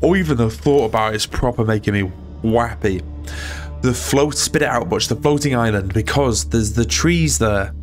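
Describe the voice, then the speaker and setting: This medium-pitched man talks at a moderate pace with soft music behind him. Hosting his gaming channel, he gives nervy let's-play commentary full of profanity and muttered self-talk.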